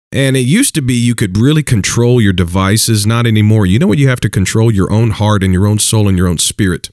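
A man's voice: on the low side, darkish tone, no room sound, clean studio sound. A man preaching dating advice in a casual talk, emphatic and repetitive, chuckling between points.

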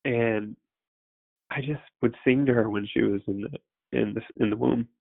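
A man's voice: medium pitch, steady tone, moderate pace, gravelly, breathy edge, no room sound. A young man, a pastor, talking in a casual, rambling way and choked up with tears. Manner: emotional, tearful, rambling. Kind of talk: casual prayer-call talk. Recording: tinny phone line.

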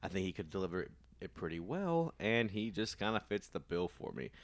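A man in relaxed, casual chat about movie casting, hesitant and thinking aloud. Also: deep voice, a little fast, no echo. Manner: relaxed, hesitant, many fillers and restarts.

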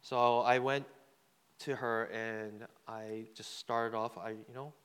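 Taking it slowly, a preacher speaks in a clean, slightly bright medium-pitched voice with little pitch movement. He tells a personal story during his sermon, loosely and conversationally, repeating words and asking the crowd "right?". Long hall reverb is present.

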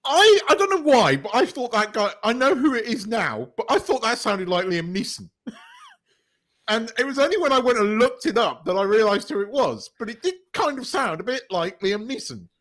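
A man's voice: extremely high pitch, big pitch swings, normal speed, a bit bright. A man co-hosting a podcast, talking casually and opinionated, stumbling over repeated words and swearing. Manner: stammering restarts, sweary, opinionated. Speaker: podcast co-host. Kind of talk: casual chat review.

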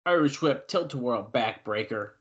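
A young adult man co-hosting a casual wrestling watch-along podcast, excitedly calling the moves and chatting between them. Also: medium pitch, moderate pace, dull audio. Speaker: podcast co-host.

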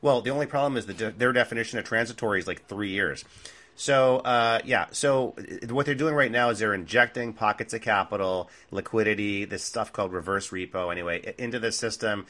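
Male co-host, lowish pitch, tense bright tone, blunt and emphatic in political chat. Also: fairly quick. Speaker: podcast co-host.

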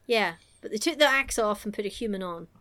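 A woman's voice: medium pitch, fairly quick. Giggly rambling English woman. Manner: giggly, rambling, animated storytelling. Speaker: podcast co-host recapping a show. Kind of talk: casual chat.

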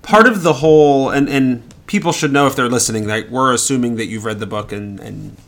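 Relaxed male podcast host. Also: mid-range voice, brisk. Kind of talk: casual podcast chat.

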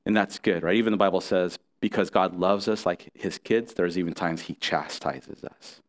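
A man's voice: deep voice, normal speed. A middle-aged man preaching a sermon as pastor, earnest and conversational, with restarts and asides to the congregation.

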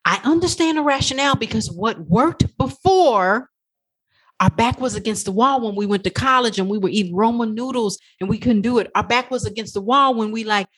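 A woman life coach talking through a podcast monologue, animated and profane, acting out her own inner voice. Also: on the high side, a little fast, husky.

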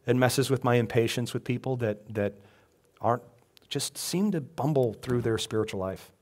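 A man's voice: medium pitch, normal speed, darkish tone. A male pastor giving a sermon, reading scripture aloud and joking with the congregation between readings. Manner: conversational, joking asides to the congregation.

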